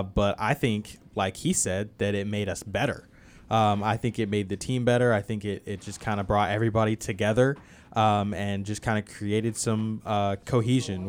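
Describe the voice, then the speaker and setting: A man on sports radio gives his opinion in a low, smooth, clear voice. He speaks haltingly, with frequent ums and restarts. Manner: halting, many fillers. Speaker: radio co-host. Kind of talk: casual sports commentary.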